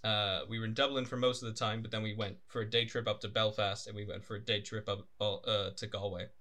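A man's voice: on the low side, little pitch movement, a little fast, sharp tone. A young man co-hosting a podcast in casual chat, rambling and laughing often, swearing now and then. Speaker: podcast co-host. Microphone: desk microphone.

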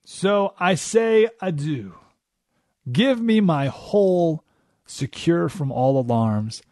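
A wide-eyed country mouse, dazzled and gushing, his voice shooting up high and thin as a man puts him on. The sound is dry and close, with no room around it. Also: animated, slow, darkish tone, dry recording. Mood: firm. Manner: gushing, voice climbing high with delight. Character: excited male country mouse, easily dazzled.

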